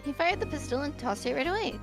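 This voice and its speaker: A woman's voice: high-pitched, expressive, fast. A woman voicing a cheeky, teasing young girl in a fan-dubbed courtroom game, with game music behind.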